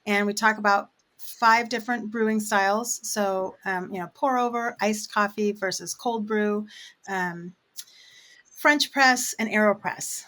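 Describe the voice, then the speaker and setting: A woman's voice: medium pitch, a bit bright. A woman who roasts coffee, chatting casually in an interview and explaining things with plenty of fillers.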